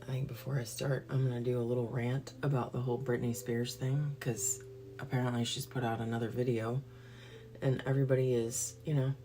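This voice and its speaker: A woman's voice: extremely low pitch, flat delivery, a little fast, background noise. A woman, hosting a livestream and ranting bluntly and profanely before a Bible reading. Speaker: livestream host. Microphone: phone or computer livestream.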